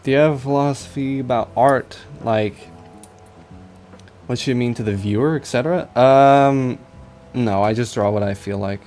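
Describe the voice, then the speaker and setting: A man's voice: medium pitch, normal speed, a little mellow, a little hiss or hum. Rambling young man streaming while drawing. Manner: rambling, self-mocking, stammers with repeated I's. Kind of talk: casual live-stream chat while drawing.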